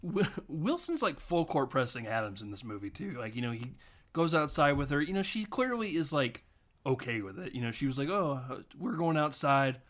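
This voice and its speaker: A man's voice: mid-range voice, sing-song, fairly quick, fairly bright tone. Laughing man recapping a movie. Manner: loose and profane, laughs often, acts out quotes. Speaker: podcast host. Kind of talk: casual film recap chat.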